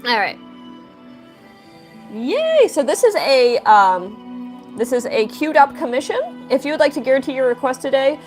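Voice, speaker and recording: A woman's voice: sits high, animated, normal speed, darkish tone, soft background music. A woman chatting casually on a livestream, greeting viewers by name while she draws. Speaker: livestreaming artist.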